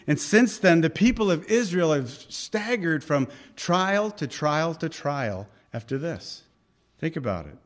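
A man preaching a sermon. He fires off rhetorical questions, then drops suddenly to a hush. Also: fairly high pitch. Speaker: pastor.

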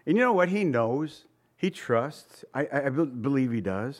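A man's voice: mid-range voice, animated, moderate pace. A man preaching a sermon as pastor, in a conversational style full of rhetorical questions, now and then acting out the voices he quotes. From Italian family background.

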